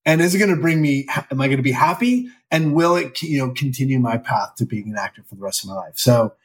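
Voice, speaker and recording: A man's voice: medium pitch, fast. A man in his fifties, an actor guest in a casual interview, talking candidly in a rambling, self-deprecating way. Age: 50s.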